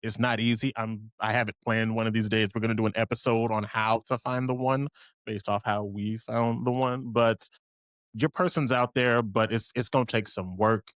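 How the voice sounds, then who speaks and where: Low-voiced man joking on a podcast. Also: steady tone, normal speed, no echo, studio quality. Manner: joking, rambling asides. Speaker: podcast co-host. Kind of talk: casual chat.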